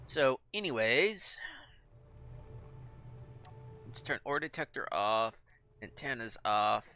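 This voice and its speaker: Male gaming commentator, bright and crisp tone, casual, rambling with fillers. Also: medium pitch, animated, takes it slowly, long pauses, faint music behind. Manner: rambling, thinks aloud with many fillers and restarts. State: speaking with his mouth full. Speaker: gaming video creator.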